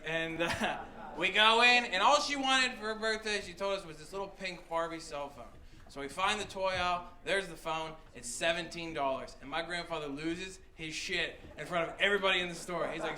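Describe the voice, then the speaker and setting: A young man telling a stand-up story, animated, jumping into loud high voices for the people in it. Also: fairly quick, rough recording. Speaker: stand-up comedian. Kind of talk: stand-up comedy set. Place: comedy club stage. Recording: live club with crowd laughter. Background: audience laughing.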